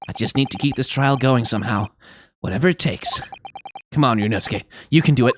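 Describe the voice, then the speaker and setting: A man's voice: mid-range voice, brisk, a little hiss or hum, pitched below the performer's own voice, natural voice. A man voicing a young male defense lawyer, anxious but determined, thinking aloud. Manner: worried inner monologue.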